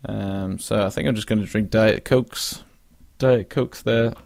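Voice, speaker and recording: A man's voice: on the low side, steady tone, a little slow, vocal fry, a little mellow, no room sound. A young man hosting a casual solo podcast, rambling with lots of fillers and restarts and yawning now and then. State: yawning, drowsy. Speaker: podcast host.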